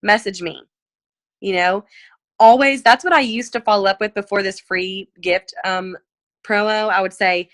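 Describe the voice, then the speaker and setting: A woman's voice: normal speed, no echo. A woman leading a casual sales coaching talk over a video call, chatty and full of "like" and "you know," perking up when she acts out messages. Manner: animated, jumps up in pitch when acting out messages. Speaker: direct sales team leader. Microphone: video call mic.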